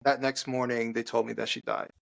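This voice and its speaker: Man, gravelly, earnest, halting speech, personal storytelling, podcast guest. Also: medium pitch, little pitch movement, a bit bright. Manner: earnest, halting with restarts and fillers.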